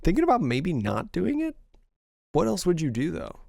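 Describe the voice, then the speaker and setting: A man's voice: high-pitched, huge pitch swings, moderate pace, gravelly, darkish tone, dry recording, clean studio sound. A young man giving casual solo commentary on a card game match, thinking aloud through each player's options, his voice a little worn. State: slightly losing his voice. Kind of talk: solo play-by-play commentary over a stream.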